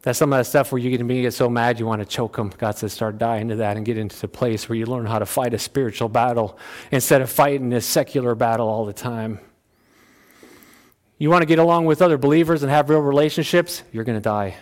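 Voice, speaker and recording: A pastor preaching in a folksy, conversational way. He pushes his voice up high and loud to drive a point home, then drops to a low, quiet tone for asides. His voice sits at a middle pitch for a man. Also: steady tone, quick pace. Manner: folksy, plain-spoken preaching. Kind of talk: sermon.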